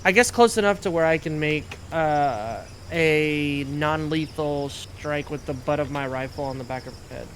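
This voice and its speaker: A man with a slightly raised voice, calmly declaring what his character does at the game table. Faint crickets hum behind him. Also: fairly high pitch, normal speed, hardly any pauses. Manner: blunt, declarative. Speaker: player. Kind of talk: casual tabletop play.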